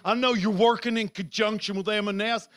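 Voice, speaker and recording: A slow Southern American drawl, put on by a stand-up comedian, high-pitched and demanding. The man stretches his words out lazily. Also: steady tone, fairly bright tone.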